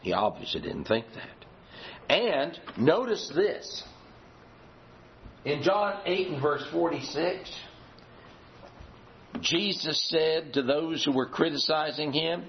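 A man preaching a sermon, emphatic and deliberate, asking his listeners rhetorical questions. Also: a little high, expressive. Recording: slightly dull audio with faint background noise.

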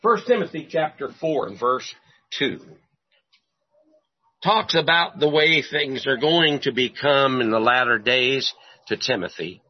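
A man delivers a sermon in a husky voice and at an unhurried pace. He asks rhetorical questions and drives his points home by repeating them. The recording sounds dull and lo-fi. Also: mid-range voice. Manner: animated, rhetorical questions, repeats phrases for emphasis. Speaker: preacher.

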